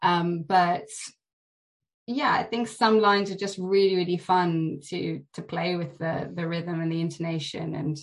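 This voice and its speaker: A woman's voice: on the low side, steady tone, a little slow. A woman actor chatting as a podcast guest, telling stories from filming with light laughter. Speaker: actress guest. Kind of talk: casual podcast interview.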